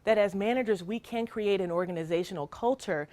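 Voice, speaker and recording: A middle-aged woman presents a training session in an earnest, emphatic way. She poses rhetorical questions and leans on key words. Her voice sits at an ordinary pitch and is recorded close and dry. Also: a little fast, darkish tone, no room sound. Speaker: child welfare worker and presenter. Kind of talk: conference training talk.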